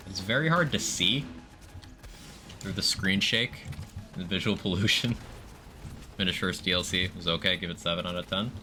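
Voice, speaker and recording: A man's voice: low voice, moderate pace, long pauses. A man streaming live, casually explaining game mechanics in detail while greeting viewers in chat. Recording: background noise.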